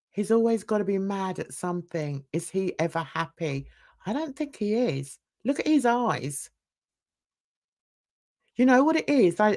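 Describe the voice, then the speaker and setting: A woman's voice: on the low side, a little mellow. A woman hosting a drama commentary show, giving emphatic, scornful opinions. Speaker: host.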